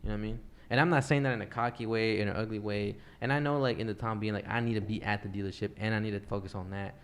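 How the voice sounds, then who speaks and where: A man's voice: on the low side, steady tone, racing. A young man hosting a podcast, talking earnestly in a rambling way and swearing freely. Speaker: podcast host. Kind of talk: casual chat.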